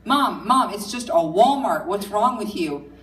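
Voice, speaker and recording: A woman voicing an easygoing young man who reassures his mother in a relaxed way, heard from far off in an echoey room. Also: mid-range voice, a little slow. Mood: reassuring.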